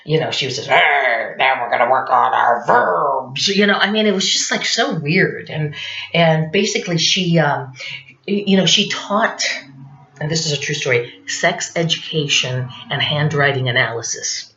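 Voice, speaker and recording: A woman's voice: low voice, expressive, normal speed, fairly bright tone, slight background noise. A woman in her fifties doing a rambling, confessional comic monologue, forever asking "you know what I'm saying". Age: 50s. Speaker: stand-up comedian. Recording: roomy, dull lo-fi recording.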